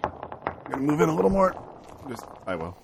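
A male host who opens the show theatrically and then chats in a relaxed way with a co-host. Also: fairly high pitch, brisk, gravelly. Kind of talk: podcast chat. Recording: noisy background.

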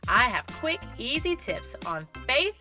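A woman's voice: on the high side, big pitch swings, a little slow, music in the background. A woman in her thirties hosting a parenting podcast, talking casually and informally straight to her listeners. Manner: chatty and informal, addresses listeners as y'all and sisters. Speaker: podcast host and parenting coach.

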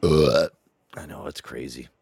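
A man's voice: very deep voice, measured pace, creaky, husky, no room sound. A man with a New York accent hosting a casual podcast chat, swearing freely and laughing often. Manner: profane, animated, laughs often. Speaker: podcast host.

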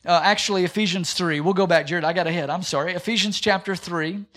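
A man's voice: high-pitched, fast talker. A man preaching a sermon in a church, reading scripture and joking with his congregation. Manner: humorous, animated preaching. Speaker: pastor.

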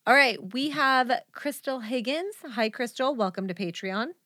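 Animated woman podcast co-host, dry sound. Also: fairly high pitch, moderate pace, no echo. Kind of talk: casual chat.

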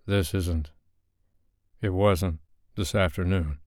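A man voicing a protective man who speaks softly and tenderly to comfort his partner, in a low, dry voice. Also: steady tone, slow pace, no echo. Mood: gentle. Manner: soft, soothing, tender.

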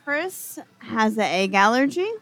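Woman, co-host, fairly high voice, matter-of-fact, casual chat. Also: sing-song, measured pace, a bit bright, soft background music.

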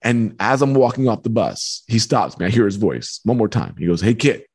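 A man, a book author and podcast guest, telling a personal story in a lively way. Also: lowish voice, brisk, husky. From New York. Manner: lively, acts out voices in anecdotes. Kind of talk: animated storytelling.

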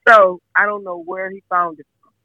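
This mother of a football player speaks at a moderate pace with a medium pitch and flat delivery. As an interview guest she chats casually about her son, emphatic and prone to repetition. The audio is dull but free of echo.

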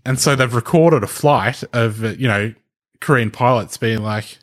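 A man in casual podcast conversation, walking his co-host through the details at an ordinary pitch. He thinks aloud as he talks, restarting phrases and slipping in small laughs. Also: moderate pace. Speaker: podcast co-host presenting the research.

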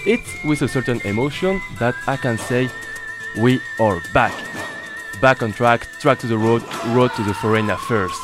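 A man's voice: medium pitch, normal speed. A man with a French accent, a native French speaker, hosting a radio show and opening it with playful energy and wordplay. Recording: music playing under the voice. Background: music.

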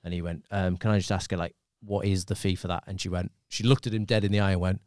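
A man co-hosting a podcast, telling quick anecdotes in casual chat. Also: sits low, flat delivery, a little mellow, smooth, dry recording, clean studio sound. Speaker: podcast co-host.

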